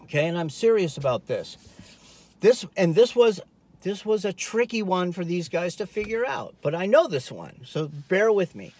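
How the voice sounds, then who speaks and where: Animated dog-trainer guy in a car, high-voiced, rambling casual vlog delivery. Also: normal speed. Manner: animated, rambling, acts out scenes. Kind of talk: casual talking-head vlog advice. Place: inside a car.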